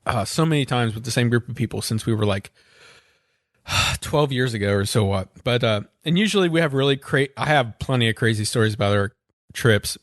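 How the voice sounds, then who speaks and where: A man's voice: medium pitch, a bit bright, no room sound, clean studio sound. A man co-hosting a podcast, telling a long story in casual chat, rambling and restarting often. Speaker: podcast co-host.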